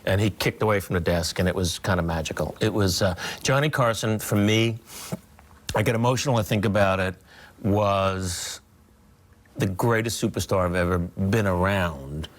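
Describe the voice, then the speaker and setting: A man in his sixties, a comedian and guest, telling stories in an interview, animated and slipping into impressions. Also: sits low, normal speed. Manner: animated, breaks into impressions and laughter. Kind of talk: storytelling in a talk show interview.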